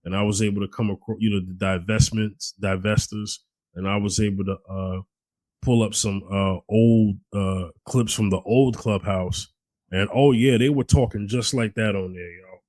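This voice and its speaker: A man's voice: fairly low pitch, steady tone, moderate pace, a little mellow, dry recording, poor audio. Man in casual dry-sounding chat. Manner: conversational, many fillers and restarts. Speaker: podcast co-host.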